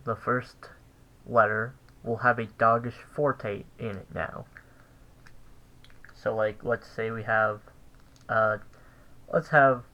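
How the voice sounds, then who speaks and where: A man giving a casual recorded language lesson, thinking aloud with pauses and restarts. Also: medium pitch, muffled recording. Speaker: language teacher.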